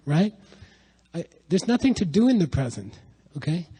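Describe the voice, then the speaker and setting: A middle-aged man giving a lively spiritual talk to an audience, telling stories and asking rhetorical questions. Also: a little high, normal speed, breathy edge, low-quality recording. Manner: animated, rhetorical questions, storytelling. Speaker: spiritual teacher.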